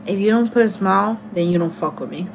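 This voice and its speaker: A woman's voice: mid-range voice, fast, vocal fry, a little hiss or hum. A tipsy young woman, rambling loosely and cursing playfully as she chats through a makeup tutorial. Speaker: beauty vlogger. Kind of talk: casual makeup tutorial chat.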